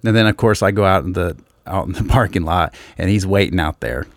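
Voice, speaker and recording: A man's voice: sits low, brisk, no room sound, clean studio sound. A man in casual chat, telling stories bluntly with plenty of swearing. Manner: blunt, profane storytelling.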